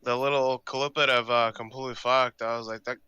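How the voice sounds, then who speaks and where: A man's voice: medium pitch, little pitch movement, fairly quick, pushed and bright, smooth, dry recording, highs cut off. A man co-hosting a casual album review chat, swearing freely and saying "like" a lot.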